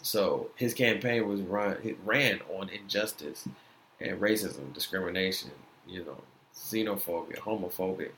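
Low-voiced young man rambling casually. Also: normal speed, a bit bright, a little hiss or hum. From United States. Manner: rambling, loose slang, frequent "you know what I'm saying". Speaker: podcast host. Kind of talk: casual opinion talk.

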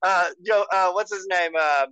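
A man talking as a podcast guest, telling stories in an animated way with laughs. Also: sits high, moderate pace, smooth, no room sound, rough recording. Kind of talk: casual chat.

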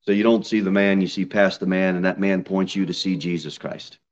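A man preaching a sermon in a church, reading scripture aloud and building to emphatic, loud, high peaks. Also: little pitch movement, fairly quick. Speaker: pastor. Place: church sanctuary. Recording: slightly dull church recording.

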